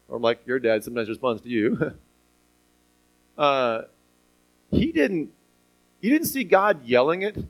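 Animated man preaching a sermon. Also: sits high, rough recording. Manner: animated, with rhetorical questions and chuckles.

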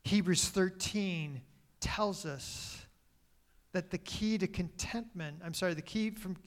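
A high-pitched male pastor takes his sermon slowly. Some lines come out loud and emphatic, others drop away quietly, and at times he stops to correct himself mid-sentence.

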